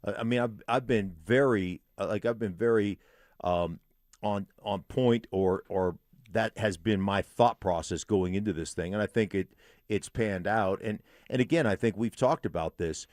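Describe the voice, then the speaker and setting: A man's voice: fairly low pitch, normal speed, a little mellow, dry recording. A man co-hosting a sports radio show, giving opinions in casual studio talk.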